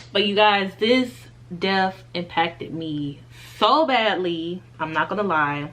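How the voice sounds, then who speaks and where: Young woman vlogging a real life update, lowish voice, chatty, calls everyone y'all, laughs through the sad parts. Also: takes it slowly, fairly bright tone, a little hiss or hum. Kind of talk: candid life-update storytelling.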